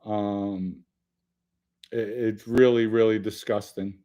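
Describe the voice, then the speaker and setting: A middle-aged man hosting a casual live stream, reading chat and joking with viewers in loose talk with sudden loud bursts. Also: fairly low pitch, flat delivery, slow.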